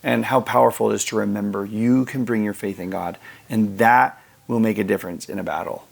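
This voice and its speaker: A man's voice: fairly low pitch, steady tone, fairly quick, vocal fry. A man co-hosting a casual scripture discussion, speaking earnestly and repeating points for emphasis. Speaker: co-host of scripture study show.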